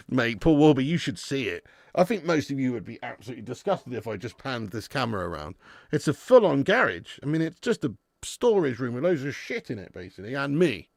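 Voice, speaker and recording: Man, live football watch-along host, casual and sweary, chatting with viewers, gravelly, dry sound. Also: medium pitch, big pitch swings, brisk, no echo. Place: home garage used as storage room.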